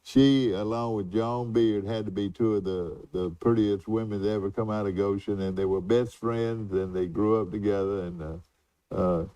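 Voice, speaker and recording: Older man co-host, low dark voice, rambling storyteller full of "uh"s, dry sound. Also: fairly even intonation, normal speed, clear, resonant tone, no echo, far from the mic, highs cut off. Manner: rambling reminiscing, many fillers and restarts. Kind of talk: casual chat.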